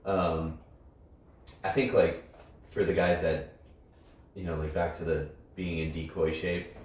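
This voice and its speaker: Super low voiced guy rambling about dog trials, swears a lot, faint hiss behind. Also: measured pace. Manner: relaxed, rambling, swears freely. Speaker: trial judge and decoy trainer. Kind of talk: casual chat. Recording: roomy echo, distant mic, faint noise.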